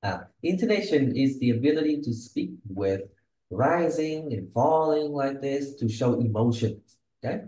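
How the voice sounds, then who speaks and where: A man giving one-on-one pronunciation feedback as an English speaking tutor. His voice is mellow and dark, and he checks in constantly with short questions while he models words for the student. The recording has a roomy echo. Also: mid-range voice, lively intonation, unhurried. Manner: coaching, models pronunciation, checks in with "yeah?" and "okay?". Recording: echoey room.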